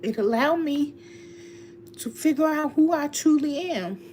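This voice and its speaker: A woman's voice: sits high, animated, measured pace, a little mellow, slight background noise. A woman tarot reader speaking heartfelt and emotional on a live stream to her viewers, often laughing.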